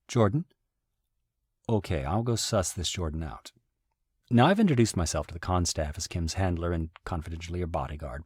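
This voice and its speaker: A man telling a story in a casual commentary, wry and animated, with sudden jumps in pitch. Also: husky, no room sound, clean studio sound. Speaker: video essayist recounting events.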